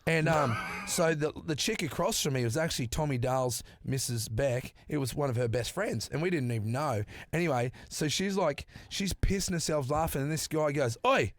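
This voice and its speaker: Australian bloke, profane animated yarn-spinner, podcast guest. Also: male voice, a little high, normal speed, hardly any pauses, no room sound, studio quality. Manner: swears freely, animated yarn-telling. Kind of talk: casual storytelling.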